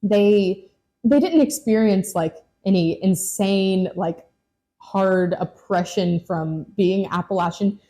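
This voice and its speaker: A woman's voice: medium pitch, slow, dark tone. A young woman from Lexington, Kentucky, hosting a casual interview and talking in a loose, chatty way full of "like" and "you know.". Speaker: podcast host.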